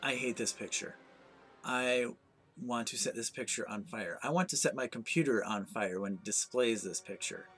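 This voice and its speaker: A man's voice: mid-range voice, normal speed, fairly bright tone, soft background music. A man ranting in a comedic vlog monologue, anxious, rambling and self-mocking. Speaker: vlogger.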